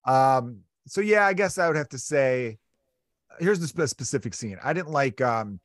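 A man's voice: medium pitch, lively intonation, moderate pace, no room sound, studio quality. A male comedian guest in casual podcast chat, rambling and jokey, acting out quotes.

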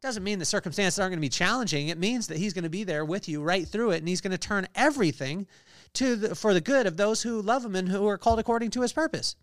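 A man's voice: high-pitched, a bit bright, no echo. A man in his forties hosting a podcast, giving a casual faith-based motivational talk and reeling off lists of virtues. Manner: conversational, reeling off lists of virtues with rising energy. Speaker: podcast host.

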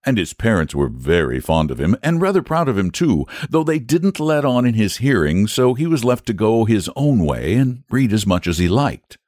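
Low, expressive man reading a story. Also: moderate pace, hardly any pauses, no room sound, clean studio sound. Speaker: narrator.

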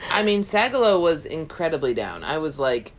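A young woman with a slightly low voice tells a story to a friend in casual chat. She is animated and laughs often as she goes. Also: moderate pace.

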